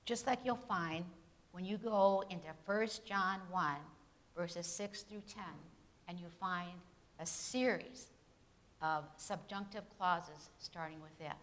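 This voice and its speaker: A woman teaching an English grammar lesson at a Bible institute. She puts questions to her students, answers them herself with tag questions, and reads example sentences with clear emphasis. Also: lowish voice, takes it slowly, a bit bright. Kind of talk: classroom lecture with questions to students.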